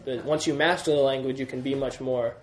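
A man's voice: mid-range voice, steady tone, brisk. A man teaching a Greek grammar lesson to a class, patient, repeating key points and checking that students follow. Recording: roomy classroom sound.

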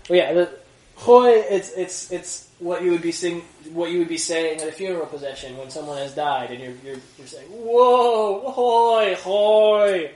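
A man teaching a Bible study class, animated and reading scripture slowly and gravely. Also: a little high. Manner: animated, reads scripture slowly and wails the word oi. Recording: roomy classroom from a distance, faint noise.

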